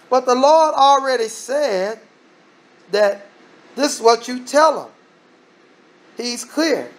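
A man preaching a sermon in an emphatic, repetitive way, reading scripture aloud and breaking off with asides. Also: very high-pitched.

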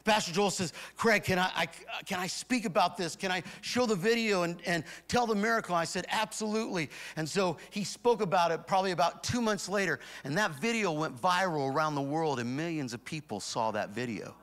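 A pastor delivering a sermon to a congregation in a church, his voice pitched a little high for a man. He moves between quiet, intimate storytelling and loud, emphatic proclamation. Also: brisk, hardly any pauses. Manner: swings from hushed retelling to loud emphatic declarations. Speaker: guest pastor. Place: church auditorium before a congregation.

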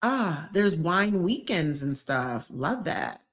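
A woman in her thirties with a drawl chats on a live stream, bubbly and full of slang as she answers viewer comments. Her voice sits a bit low for a woman. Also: big pitch swings, slow pace. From Georgia, US. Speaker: lifestyle YouTuber hosting a live stream.

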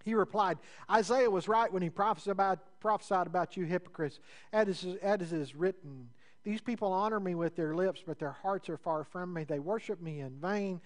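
Conversational preacher, fairly high voice. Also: male voice, normal speed. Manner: conversational preaching that swings between rising emphasis and low quiet asides. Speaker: pastor. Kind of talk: sermon.

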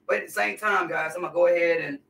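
Fairly low-pitched, gravelly, and fairly bright, her fast voice is recorded from a distance. She's a home cook running a live kitchen stream, keeping the talk casual and folksy with plenty of y'alls and honeys for her viewers.

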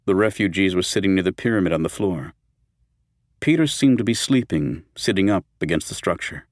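A man's voice: low voice, animated, a little fast, no echo, studio quality. A man reading a horror novel aloud as an audiobook narrator, with a tense, dramatic delivery.

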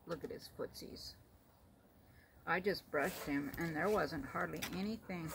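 Gravelly southern woman cooing over her pet. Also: deep voice, unhurried, a little hiss or hum, poor audio. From Florida, US. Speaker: vlogger. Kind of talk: casual chat.

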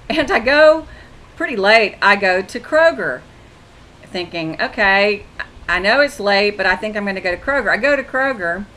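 A Christian video blogger with a medium-pitched, sharp voice gives a casual testimony monologue, telling faith stories in a chatty way. She acts out conversations with quoted dialogue and often restarts her sentences. The recording is rough, with slight background noise.

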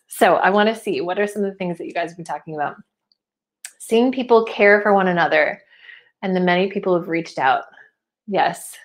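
A woman hosting a live webinar from home as a speaking coach, upbeat and emotional, close to tears, reading out chat messages. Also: mid-range voice. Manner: warm, upbeat, emotional and chatty. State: teary, close to crying. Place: her home.

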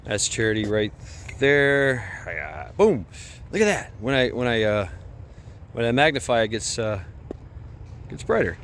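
A man's voice: medium pitch, big pitch swings, a little slow, pauses often, fairly bright tone, a little hiss or hum. A man vlogging while walking his dog outdoors at night, telling a story in a rambling way with lots of fillers and restarts.

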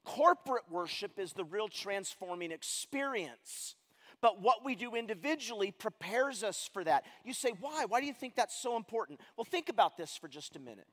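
A male pastor preaching a sermon with emphatic delivery, asking rhetorical questions and swinging between loud and quiet passages. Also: sits high, sing-song, normal speed. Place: large church sanctuary. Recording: long hall reverb.

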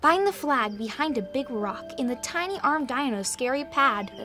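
A woman's voice: sits high, lively intonation, normal speed, loud music behind the voice. A woman reading rhyming clues aloud in a kids' dinosaur video, with a sing-song, lingering delivery.

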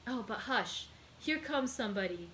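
A woman reading aloud, voicing an earnest, devoted young male sailor with lively emphasis. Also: on the high side, normal speed, slight background noise, poor audio. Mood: eager.

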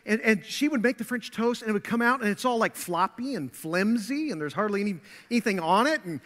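High-voiced pastor in a reverberant hall. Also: male voice, animated, brisk, fairly bright tone. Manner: conversational storytelling with many fillers. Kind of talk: sermon. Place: church sanctuary.

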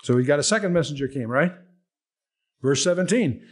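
An older man teaching verse by verse through a Bible book, conversational and animated, acting out the scenes he reads. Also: a little high, a little fast, pauses often.

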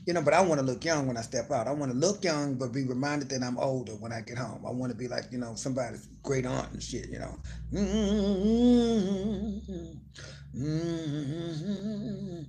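A man's voice: mid-range voice, fast, creaky, hardly any pauses, a little hiss or hum. A man hosting a live stream, talking in a loose, profane, comedic rant to his viewers. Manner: profane, animated, slides into put-on voices.

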